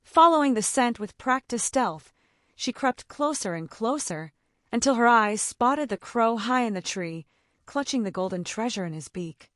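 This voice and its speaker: A woman storyteller narrating a children's fable with a scripted, gently dramatic reading. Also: on the high side, lively intonation, moderate pace, no room sound, studio quality.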